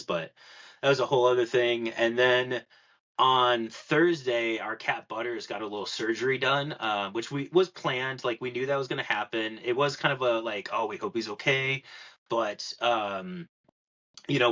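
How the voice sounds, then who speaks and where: Young guy rambling on a podcast, bright tense voice, kinda muffled lo-fi audio. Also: mid-range voice. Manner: rambling storyteller, heavy filler words. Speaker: podcast guest. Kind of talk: casual podcast chat.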